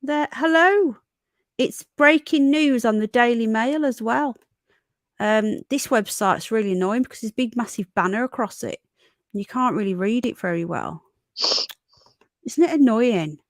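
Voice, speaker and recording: A middle-aged woman with a British accent chats through news stories on her livestream and keeps breaking off to greet viewers by name. Her voice sits a little high, and it is recorded close and dry, with no room sound. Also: moderate pace, no room sound. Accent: British English. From Britain. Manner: chatty, rambling, greets viewers mid-sentence. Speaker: livestream host. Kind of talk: casual livestream chat reading news.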